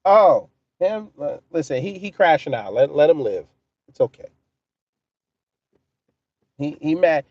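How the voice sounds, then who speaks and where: A man's voice: a little high, very animated, measured pace, long pauses, no echo, dull audio. A man hosting a casual livestream, talking in a profane, mocking way and answering his chat. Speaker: livestream commentary host.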